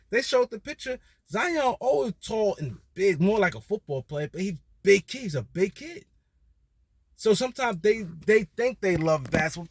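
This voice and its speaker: A man with a high, light voice delivers a loose basketball opinion monologue, circling back on points and repeating himself as he builds an argument. The sound is dry and close, with no room around it. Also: no echo. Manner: animated, repetitive, conversational with slang and restarts. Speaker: sports commentary host.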